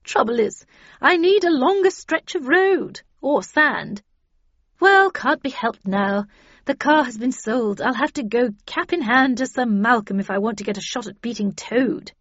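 A woman's voice: fairly high pitch, expressive, measured pace, no echo, pitched above the performer's own voice. A woman voicing an irascible old spinster who speaks curtly and dismissively. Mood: brusque. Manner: curt, sharp, dismissive. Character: irascible old car-mad spinster, brusque. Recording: dull dry lo-fi audio.

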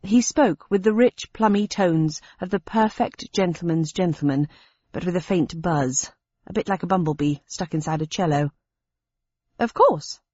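A woman narrating a story in the first person, wry and steady. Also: fairly low pitch, moderate pace, no room sound. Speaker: audiobook narrator. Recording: dry, slightly dull lo-fi sound.

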